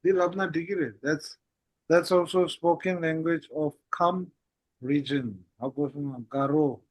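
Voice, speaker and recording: A man teaches a language lesson, his voice sitting high and his pace unhurried. He keeps coming back to the same little phrases as he explains. The sound is dry and close. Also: fairly even intonation, dry recording. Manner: repeats "that's it" and "how goes it". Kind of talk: casual online language lesson.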